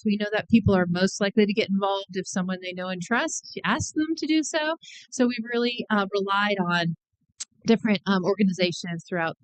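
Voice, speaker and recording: A woman's voice: mid-range voice, smooth, dry recording, poor audio. A woman consultant presenting an upbeat plan update to a county committee, friendly and full of fillers. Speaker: planning consultant. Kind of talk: public meeting presentation.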